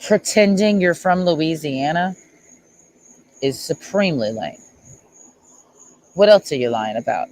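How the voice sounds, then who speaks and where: A woman's voice: low-pitched, expressive, measured pace, pauses often, a little mellow, low-quality recording. Sarcastic woman ranting on stream. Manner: sarcastic, mocking, confrontational. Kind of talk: livestream rant.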